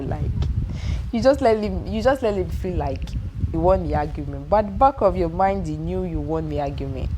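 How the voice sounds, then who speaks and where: A woman's voice: on the low side, animated, moderate pace, background noise. A young Nigerian woman with a Nigerian accent giving relationship advice in a casual vlog, repeating her points emphatically and asking if you understand.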